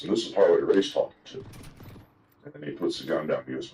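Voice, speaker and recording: An older man with a deep, low-pitched voice spins loose, profane stories in a casual chat. A faint hiss of noise sits under his talk. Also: brisk, warm tone, low-quality recording. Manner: profane, rambling yarn-spinner. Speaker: guest telling old stories. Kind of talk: casual storytelling.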